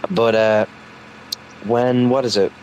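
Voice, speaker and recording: A man's voice: mid-range voice, fairly even intonation, a little mellow, muffled recording, a little hiss or hum. A young man casually telling a story from his school days, rambling with lots of fillers and restarts. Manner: rambling, halting, full of fillers.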